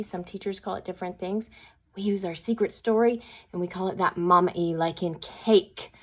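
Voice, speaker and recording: A woman teaching a phonics lesson to young children, sing-song and encouraging, often checking in with an okay. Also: mid-range voice. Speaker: second grade teacher.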